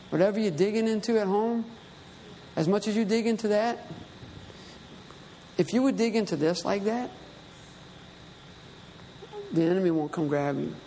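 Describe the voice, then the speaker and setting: A man's voice: sits high, normal speed, long pauses, a little mellow, a little hiss or hum. A man preaching a sermon, telling a dream story in a conversational, emphatic way. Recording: reverberant hall with faint ambience.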